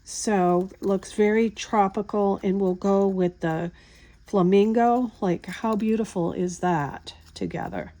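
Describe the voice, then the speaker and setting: A woman hosting a craft tutorial, calmly explaining each step in a relaxed, chatty way as she works. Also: medium pitch, slow. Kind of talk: hands-on craft demonstration.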